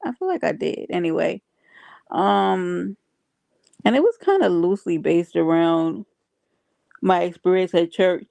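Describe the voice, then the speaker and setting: A woman's voice: fairly low pitch, animated, a little slow, creaky, mellow, dry recording. A woman hosting a casual livestream, chatting with viewers and reading their comments aloud. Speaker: livestream host.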